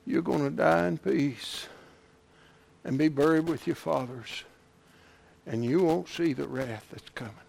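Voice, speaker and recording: A preacher with a high-pitched voice delivers a sermon. He swings from hushed storytelling to fervent, loud shouting and laughs between lines. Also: measured pace, gravelly. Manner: builds to loud impassioned shouting, with chuckles.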